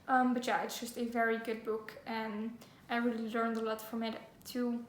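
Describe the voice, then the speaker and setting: Young female book vlogger, gushy and giggly, high voice, roomy echo. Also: flat delivery, normal speed, a little hiss or hum. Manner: gushing, giggly, full of fillers. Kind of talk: casual book haul chat with read-aloud synopses. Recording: echoey room, faint ambience.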